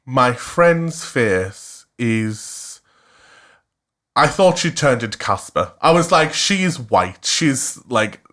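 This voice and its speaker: A man in his twenties with a Cumbrian accent, co-hosting a casual podcast and telling stories in an animated, flamboyant way, laughing often and jumping up high for quoted lines. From West Cumbria, England. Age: 20s. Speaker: podcast co-host. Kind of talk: casual chat, storytelling.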